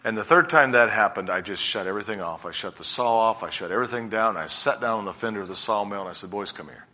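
A middle-aged man preaching a sermon with personal stories, earnest and slowing down to stress key points. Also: lowish voice, sharp tone.

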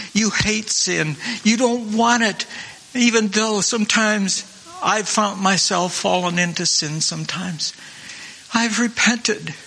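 Man, preacher, sermon, slow deliberate delivery, bright tone, long church reverb. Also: high-pitched. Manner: fervent, repetitive preaching with frequent throat-clearing.

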